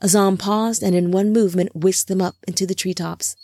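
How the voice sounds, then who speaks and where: A woman narrating a fantasy audiobook in a steady, even reading voice. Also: medium pitch, a little fast.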